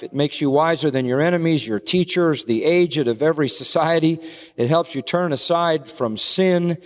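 Man, preacher, higher-pitched voice, measured sermon delivery, long hall reverb. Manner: measured preaching, reads Scripture slowly. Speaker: pastor.

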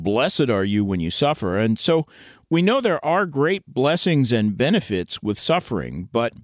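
A man hosting a radio program in a smooth announcer style and posing questions to his guest. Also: medium pitch, no room sound. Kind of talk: broadcast program host. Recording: dry studio sound.

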